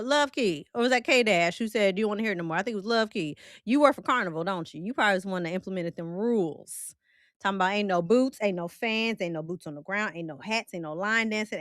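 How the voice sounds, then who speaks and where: A woman's voice: medium pitch, a bit bright, no room sound, clean studio sound. A woman with a Midwestern country accent hosting a casual livestream, chatty and playful as she reacts to viewer comments. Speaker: livestream host.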